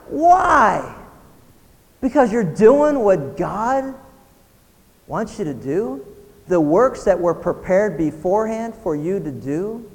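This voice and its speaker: A man pastor preaching a sermon, building from quiet talk to loud shouting and firing rhetorical questions. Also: high voice, in a large hall.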